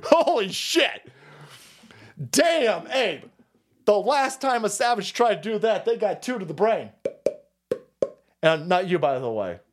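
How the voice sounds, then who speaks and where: A man rants through political commentary in a high, very animated voice that swoops up and down. He curses freely, laughs often and pushes his lines hard, like a host riffing alone on his show. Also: normal speed. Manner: loud, profane, laughs often, swings pitch wildly. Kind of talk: profane ranting commentary.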